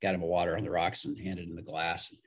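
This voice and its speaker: In a deep voice with little pitch movement, a middle-aged man who broadcasts hockey talks quickly through stories on a podcast interview. He's a chatty raconteur who performs the voices of those he quotes.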